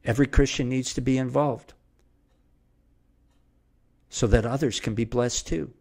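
A man's voice: mid-range voice, steady tone, a little slow, vocal fry, a little mellow. Emphatic man preaching a sermon. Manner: emphatic, repetitive preaching cadence. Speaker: preacher and Bible teacher. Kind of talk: verse-by-verse sermon.

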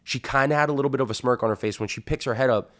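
A man hosts a casual podcast and tells a long personal story. His voice sits at an ordinary middle pitch for a man. He swears freely and acts out what others said. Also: very fast. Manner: animated, profane storytelling with acted-out quotes. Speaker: podcast host.

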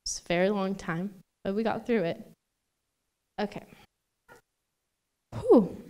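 A woman's voice: medium pitch, takes it slowly, dark tone. A young woman giving a maid of honor toast at a wedding reception, chatty and emotional, laughing often between fillers.

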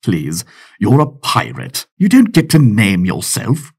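A man's voice: fairly low pitch, huge pitch swings, slow pace, husky, heavily acted. A man voicing a weary, dry navy captain in an audiobook, exasperated and lecturing. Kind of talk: audiobook character voice.

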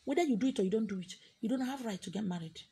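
A woman's voice: on the high side, very fast, warm tone, slightly rough. A woman with a Nigerian accent, preaching as a spiritual teacher in a scolding, confrontational way. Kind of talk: preaching to an audience.

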